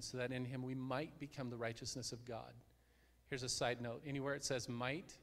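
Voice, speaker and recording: Guy preaching a sermon, mid-pitched voice, earnest, goes quiet and low on the heavy parts, long church echo. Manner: earnest, grows hushed at solemn points. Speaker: guest preacher. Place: church sanctuary. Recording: long hall reverb.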